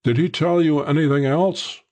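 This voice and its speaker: A man's voice: fairly high pitch, steady tone, normal speed, darkish tone, voice pushed up, lightly acted. A man doing a dissipated Englishman, faintly British. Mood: suspicious. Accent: slight British. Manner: suspicious, smooth. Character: dissipated blond Englishman under forty.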